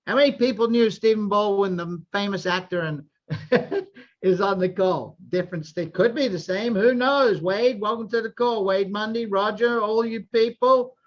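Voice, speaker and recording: A man in his sixties hosting a group video call, giving an energetic sales pitch and often asking "right?". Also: normal speed. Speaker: host of a sales presentation call. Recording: dull lo-fi video call audio.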